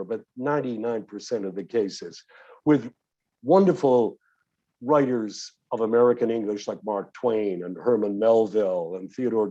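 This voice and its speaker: An older man, an audiobook narrator and actor, giving a reflective convention talk in an expressive way, often saying "of course" and stretching words for emphasis. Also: mid-range voice. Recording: dull lo-fi audio.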